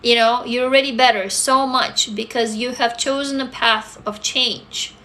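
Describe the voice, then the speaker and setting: A woman's voice: fairly high pitch, fairly even intonation, unhurried, pushed and bright. A woman, talking bluntly and emphatically to viewers on a livestream, swearing freely. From Russia. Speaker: livestream host answering viewers. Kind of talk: casual livestream chat.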